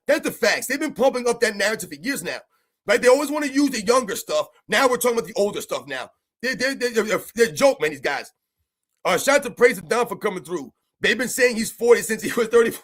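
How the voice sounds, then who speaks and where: A man with a strikingly high voice rants on a live sports stream. He sounds heated and mocking, and he keeps hammering home rhetorical questions. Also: very animated, fast, a bit bright.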